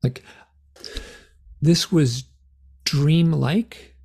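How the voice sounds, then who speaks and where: Middle-aged man, gravelly and husky, a rambling animated storyteller. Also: on the high side, drawn-out words. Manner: rambling, animated, lots of fillers. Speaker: guest author and experiencer. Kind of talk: storytelling in an interview.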